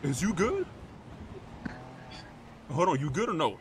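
A man role-playing a mechanic in a game, excitable, slangy and swearing a lot. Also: on the high side, unhurried, a little hiss or hum. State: out of breath. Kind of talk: in-character game role-play.

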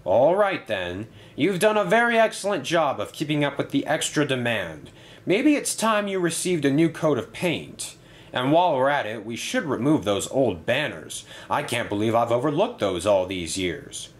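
A man voicing a stern male railway director who speaks in a booming, authoritative way. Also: sing-song, moderate pace, natural voice.

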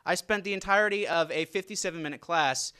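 A man telling a comedic personal story with sardonic, deadpan punchlines. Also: sits high, fast, clear, resonant tone.

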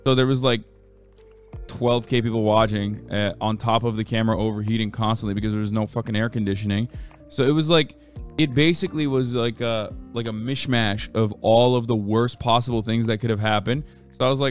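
A man in his thirties chatting casually as a streamer, answering viewer questions, cursing freely and swinging between low mumbling and loud rants while in pain from an injury. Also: fairly even intonation, brisk, soft background music. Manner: profane, ranting, shifts between low mumble and loud outbursts.

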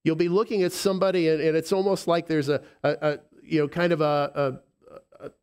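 A male pastor with a lisp preaches in a fairly high voice. He is heartfelt and halting, often restarting his sentences. He drops to soft, tender passages and then rises into firm declarations. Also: steady tone, clear, resonant tone. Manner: emotional, halting with repeated restarts, swinging from soft to emphatic. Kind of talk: sermon.

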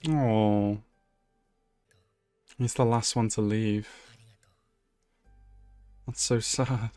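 A man's voice: fairly low pitch, steady tone, very slow, pauses often, dark tone, no echo, soft background music. A young man hosting an anime reaction video, talking casually and emotionally, swearing and laughing often. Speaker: anime reaction channel host.

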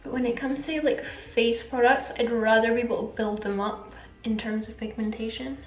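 A woman's voice: a little high, steady tone, moderate pace, lo-fi sound. Chatty woman, echoey room. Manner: rambling, chatty, self-aware. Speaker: beauty vlogger. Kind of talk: chatty makeup tutorial. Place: home makeup setup. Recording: echoey room with faint music.

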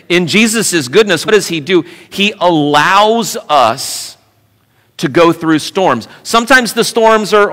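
A man preaching a sermon as pastor, animated and conversational with playful asides. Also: fairly high pitch, big-room sound. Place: church sanctuary.

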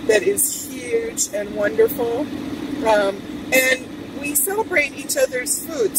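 A woman's voice: fairly high pitch, creaky, distant mic. A woman from Hawaii with a Hawaiian Pidgin-tinged accent, chatting casually and meandering through stories as a vlog host in a car. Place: in a car with air conditioning. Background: car air conditioning and traffic.

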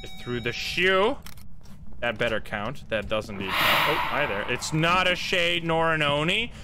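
A man's voice: a little high, expressive, measured pace, heavy background noise. A man streaming gameplay live, talking to his chat, swearing and laughing at his own bad luck. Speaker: streamer playing a ghost-hunting game.

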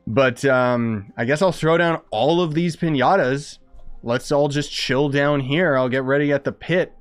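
A young man commenting casually while streaming a game, excitable and chatty, thinking aloud as he plays. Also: mid-range voice, measured pace, smooth. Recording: dry close sound with faint music.

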